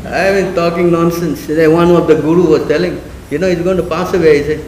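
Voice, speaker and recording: A man's voice: a little high, steady tone, brisk, a little mellow, a little hiss or hum. Man giving a conversational sermon. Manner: conversational, asks listeners questions often; acts out quoted speech. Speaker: spiritual teacher. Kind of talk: sermon class. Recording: echoey room.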